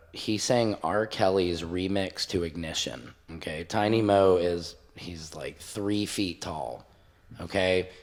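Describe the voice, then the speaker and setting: A middle-aged man hosting a podcast, telling stories in a casual, joking way with frequent swearing. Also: low voice. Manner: animated storyteller, jokes and swears freely. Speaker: podcast host. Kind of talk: casual storytelling chat.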